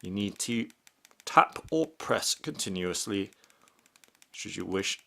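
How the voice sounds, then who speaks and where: A man walks through a gadget demo in a slow, measured way, explaining each step. His voice sits low, yet his pitch swings widely, lifting on each new action. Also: lively intonation, vocal fry, a bit bright. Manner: slow, methodical step-by-step narration. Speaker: product reviewer. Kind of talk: unboxing demonstration narration.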